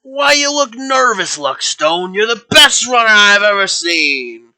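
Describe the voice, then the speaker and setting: A man's voice: mid-range voice, animated, normal speed, pushed and bright. A man doing a folksy orc track coach. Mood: encouraging. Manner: folksy and encouraging. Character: gruff middle-aged male orc track coach.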